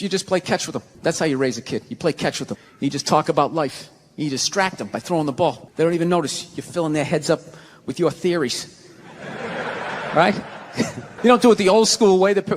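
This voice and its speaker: A man with a Boston accent rants through a stand-up set, swearing and jumping from grumbled asides to shouted outbursts. His voice sits high and sounds bright. It is recorded on a handheld mic in an echoey live hall with long reverb and a faint crowd behind. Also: a little fast, slight background noise. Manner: ranting, swearing, swings from muttering to shouting. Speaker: stand-up comedian. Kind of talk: stand-up comedy routine. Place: live comedy stage.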